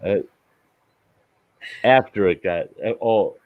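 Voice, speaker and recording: A man's voice: fairly low pitch, slow pace, no room sound, narrow, tinny audio. Folksy man telling a campfire tale. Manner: folksy, chuckles through his own story. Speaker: storyteller host. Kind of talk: casual campfire storytelling.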